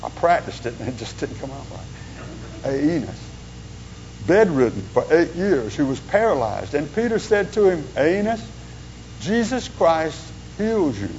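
A male pastor gives an informal sermon. He tells stories in a loose, folksy way and drops in joking asides, and his voice sits a little high. The recording is dull and lo-fi, with a faint hum. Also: very animated, normal speed, a little mellow.

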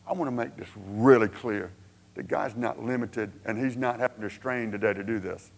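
A man preaching a sermon, telling a Bible story in a conversational way with asides and self-corrections, acting out prayers with rising passion and then dropping quiet. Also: fairly low pitch, normal speed, gravelly. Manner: storytelling, acts out prayers, rises to impassioned pleading then drops quiet.

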